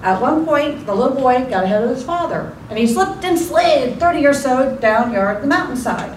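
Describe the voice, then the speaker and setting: Woman in her 40s giving a contest speech, high voice, real dramatic, far off in an echoey room. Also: expressive, normal speed, a little hiss or hum. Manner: theatrical, emphatic delivery. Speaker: contest speaker. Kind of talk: motivational speech. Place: club meeting room. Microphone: far room mic.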